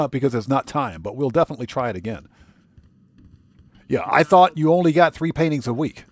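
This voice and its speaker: A man's voice: medium pitch, moderate pace, pauses often. A man hosting a solo game livestream, casually reading and answering chat with frequent chuckles, speaking. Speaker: livestream gamer host.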